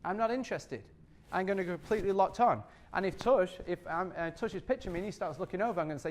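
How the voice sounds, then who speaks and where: This high-voiced man talks fast while running a sales workshop. Full of energy, he repeats himself a lot and regularly performs little customer scenarios.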